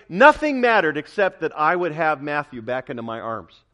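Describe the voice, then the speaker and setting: A middle-aged man preaching a sermon as pastor, emphatic and building to loud repeated declarations. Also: fairly high pitch, sing-song, normal speed, muffled recording.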